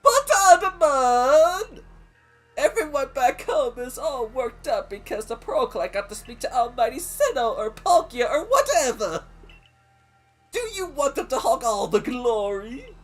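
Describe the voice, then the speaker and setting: A brash, boastful young warden voiced by a man with a thick put-on Italian accent. He talks loud and mocking, his voice leaping high with scorn. Faint music plays underneath. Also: sing-song, a little slow, exaggerated voice. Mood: pleading.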